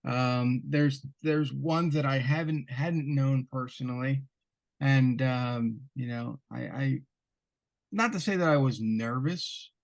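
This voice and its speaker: A man hosting an interview podcast, speaking in an ordinary mid-range voice. He talks in a relaxed, chatty way and chuckles mid-sentence. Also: medium pitch, slow pace, gravelly. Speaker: podcast host. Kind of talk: conversational interview.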